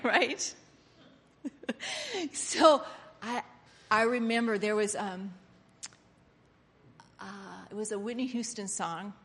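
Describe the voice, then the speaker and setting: A woman preaching a sermon, switching from hushed, confiding lines to loud, excited outbursts. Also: on the high side, takes it slowly, pauses often, breathy edge. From Pennsylvania. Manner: animated, swinging from hushed to loud exclamations. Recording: long hall reverb.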